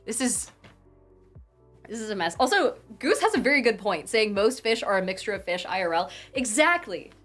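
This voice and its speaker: A woman's voice: mid-range voice, normal speed. Young woman streaming off her phone, rambly and sweary, chatting w viewers, faint music behind her. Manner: animated, swears freely, rambling rants. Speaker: live streamer. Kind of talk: casual chat with viewers. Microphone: phone mic.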